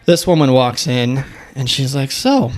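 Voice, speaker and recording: A man telling a story in a casual, animated way, with quick asides. His voice has a gravelly, fry-laden texture at a middle pitch.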